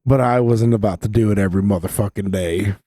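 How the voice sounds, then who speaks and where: Male podcast co-host, mellow tone, teasing and profane, dry close sound. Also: on the low side, quick pace, no echo. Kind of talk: casual chat.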